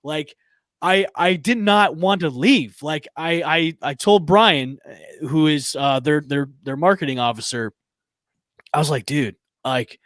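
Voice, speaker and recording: Excitable stammering male podcast host. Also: a little high, measured pace, dry recording, studio quality. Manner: excitable, rambling, stammering restarts. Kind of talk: casual podcast chat.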